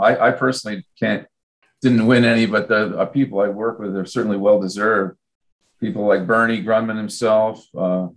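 A man appearing as a podcast guest, explaining his work in a conversational way. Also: on the low side. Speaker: podcast guest, mastering engineer. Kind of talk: casual chat.

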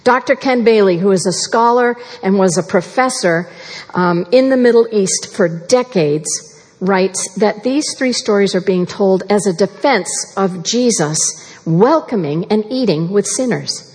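A woman preaching a sermon in an earnest, measured way, slowing down to stress key phrases. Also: mid-range voice, lively intonation, a little mellow, husky. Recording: long reverb of a large hall.

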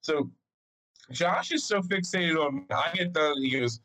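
Man, podcast co-host, casual storytelling, profane, lively pitch swings, slightly high voice. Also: moderate pace, poor audio. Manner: animated, profane, acts out quotes.

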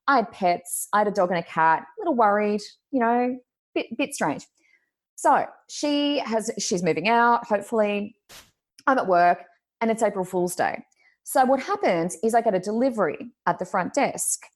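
A woman hosts a relaxed conversation, and she tells her stories in a lively, dramatic way. Her voice sits at a middle pitch. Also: normal speed. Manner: animated, dramatic storyteller. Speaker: podcast host. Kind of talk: casual chat, storytelling.

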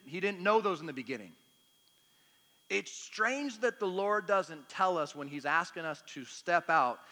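In a church meeting hall with a long reverb, a man preaches a sermon built around storytelling. He is chatty, self-deprecating and funny, acting out snippets of dialogue in a fairly high, pushed, bright voice.

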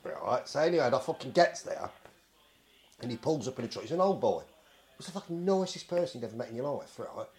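A man's voice: medium pitch, very animated, quick pace, darkish tone. A middle-aged man from England telling a story in casual chat, swearing a lot and acting out the people in it. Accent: English. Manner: swears constantly, acts out the people in his story. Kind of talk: casual anecdote.

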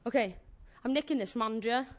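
A woman giving an informal, energetic sermon to her church, joking and demonstrating as she talks. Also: fairly high pitch, fast talker. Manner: energetic, animated, jokey. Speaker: church speaker.

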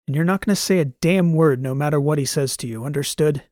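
A man voicing a hard, cynical male veteran soldier who talks gruffly and with contempt. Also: fairly high pitch, fast talker, a little mellow, dry recording, clean studio sound, natural voice. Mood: menacing contempt.

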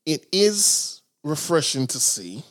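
Podcast co-host, man, slightly higher voice, slangy and animated, chatty delivery. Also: slow pace. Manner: animated, slangy, puts on comic voices when quoting others. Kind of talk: casual chat.

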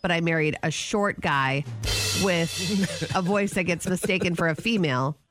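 A woman's voice: lowish voice, normal speed, over music. A woman co-hosting a morning radio show, teasing callers and laughing often. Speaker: radio co-host.

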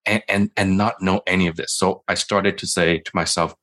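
A physician in his forties tells a self-deprecating story in a relaxed podcast interview. His voice sits very low. He slips into the voices of the people he quotes as he goes. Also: brisk. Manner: candid, self-deprecating, acts out quoted dialogue.

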